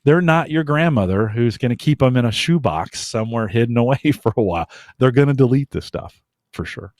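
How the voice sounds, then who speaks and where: A man's voice: mid-range voice, lively intonation, brisk, darkish tone, dry recording. A man co-hosting a podcast in casual chat, talking emphatically and giving strong opinions on a close mic. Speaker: podcast co-host.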